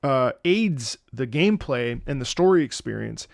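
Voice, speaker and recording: A man's voice: medium pitch, lively intonation, moderate pace, gravelly, no echo. A man streaming casual commentary on game music, rambling with restarts and humming melodies into a close mic.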